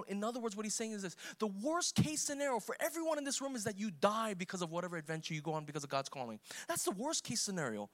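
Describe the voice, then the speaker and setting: Emphatic male preacher, fairly high voice. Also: animated, quick pace, few pauses, a bit bright. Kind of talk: sermon.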